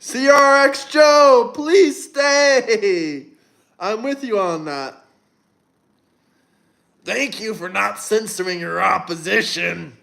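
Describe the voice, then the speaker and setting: This young host's high voice is gravelly and a bit bright, and he takes it slowly, pausing often. On his casual livestream he reads viewer comments and answers them bluntly, rambling and swearing plenty.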